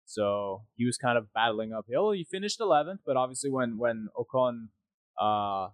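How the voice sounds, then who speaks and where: A man's voice: mid-range voice, expressive, moderate pace, no echo. A man co-hosting a casual racing podcast, rambling and jokey, sometimes slipping into silly voices. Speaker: podcast co-host. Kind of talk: casual chat.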